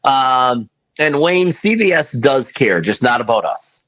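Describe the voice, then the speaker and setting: A man's voice: medium pitch, animated, unhurried, fairly bright tone. A man hosting a casual sports podcast, playful, reading out viewer comments. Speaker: podcast host. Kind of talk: casual chat.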